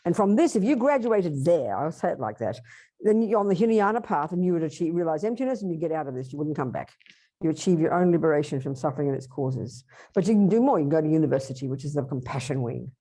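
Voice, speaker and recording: A woman teaching Buddhism at a workshop, lively, acting out inner voices and asking her listeners questions. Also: low voice, fast talker.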